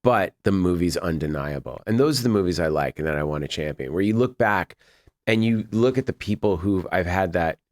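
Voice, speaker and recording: A low-voiced man from Boston, USA speaks animatedly and fairly quickly in a studio-quality recording with no room sound. He's a film director appearing as a guest on a podcast interview, talking casually and rambling through stories while acting out what other people said.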